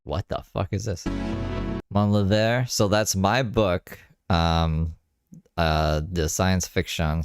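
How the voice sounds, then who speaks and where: A man's voice: sits low, clear, resonant tone, dry recording, clean studio sound. A man giving rambling, wry commentary on a live stream he is watching. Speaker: streamer reacting to another stream.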